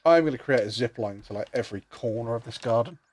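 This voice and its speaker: A man's voice: medium pitch, expressive, fast talker, a little mellow, husky. A man chatting casually and joking with friends while streaming a video game, muttering to himself as he plays. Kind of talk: casual gaming livestream chat.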